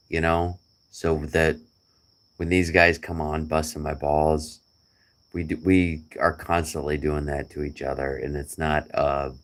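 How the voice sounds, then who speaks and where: A man's voice: a bass voice, creaky. A middle-aged man chatting casually to a friend, rambling and joking with chuckles. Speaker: vlogger.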